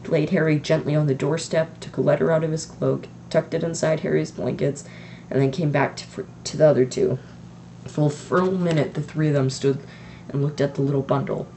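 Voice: medium pitch, steady tone, fairly quick, gravelly, dark tone, slight background noise. A teenager from the United States narrating an amateur audiobook in a plain reading voice, with self-critical asides. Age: teens.

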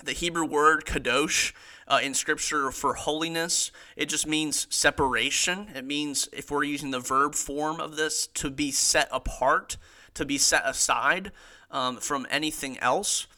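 A young man talks through Scripture on his own podcast, earnest and casual, reading quotes aloud with emphasis. His voice is very bright and sits a little high for a man. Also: measured pace. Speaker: podcast host teaching theology. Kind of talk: casual Bible teaching.

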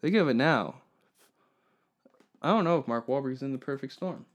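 A man's voice: medium pitch, animated, normal speed, muffled recording. A man riffs alone on his comedy podcast, swearing freely as he rambles. He mocks and sneers at whatever comes to mind. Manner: rambling, profane, mocking. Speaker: podcast host. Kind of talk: solo comedy podcast monologue.

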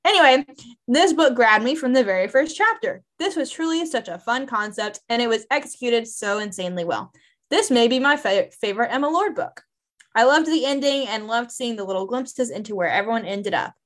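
A woman's voice: a little high, expressive, a little fast, a bit bright. A woman in her twenties co-hosting a book podcast, chatting in a bubbly, self-mocking way. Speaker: podcast co-host. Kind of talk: casual book chat, reading listener emails aloud.

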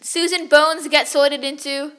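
Bright high-voiced giggly young woman. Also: level tone, a little slow. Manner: giggly, recites verse playfully. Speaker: book podcast co-host. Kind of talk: casual chat.

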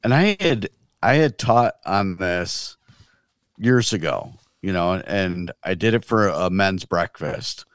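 A man in his fifties co-hosting a podcast, talking in a slow, measured way with many ums as he shares from scripture. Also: low-pitched, lively intonation, no echo, clean studio sound. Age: 50s. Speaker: podcast co-host. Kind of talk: casual chat, teaching from scripture.

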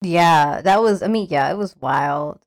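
A woman in casual chat, animated and joking, acting out monster scenes in high voices. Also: measured pace, no echo.

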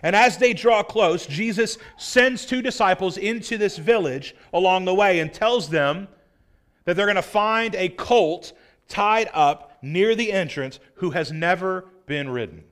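High-voiced man preaching a sermon. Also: lively intonation, unhurried, a bit bright. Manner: earnest, conversational preaching with casual asides. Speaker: pastor.

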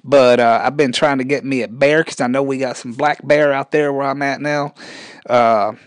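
A rambling, touchy redneck with a thick drawl, as a man puts him on. His voice sits at an ordinary middle pitch and is recorded dry and close, with no room sound at all. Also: steady tone, normal speed, dry recording, close to an everyday voice. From rural Arkansas. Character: scrawny rural Southern man, rambling, touchy. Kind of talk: comedic character interview.

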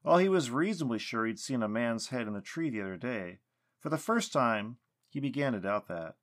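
A male storyteller reading narration with an expressive, animated delivery. His pitch sits in the middle but swings widely through each sentence. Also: a little fast.

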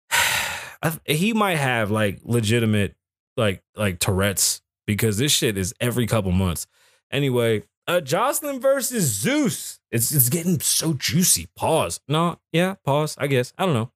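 A man's voice: medium pitch, no room sound. Loose, profane male podcast host, dry sound. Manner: profane, joking and rambling. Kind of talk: casual live show chat. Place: small studio. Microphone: studio microphone.

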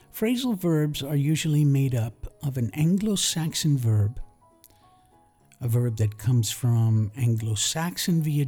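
This English teacher and podcast host is a middle-aged New Yorker whose medium-pitched voice comes across warm and mellow, laced with dry humor. He reads his lesson podcast calmly, explaining things as he goes, while soft music sits behind him.

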